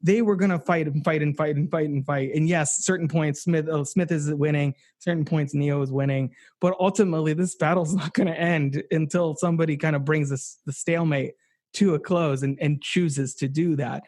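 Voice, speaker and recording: A man's voice: fairly high pitch, steady tone, normal speed, darkish tone, dry recording, clean studio sound. A man chatting animatedly about films on a podcast, swearing casually and restarting his sentences.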